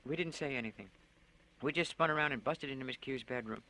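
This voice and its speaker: A man reading his own story aloud, with a bright, clear, forward voice. He tells it plainly, leaning into the slangy voice of a tough teenage narrator. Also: medium pitch, quick pace, low-quality recording.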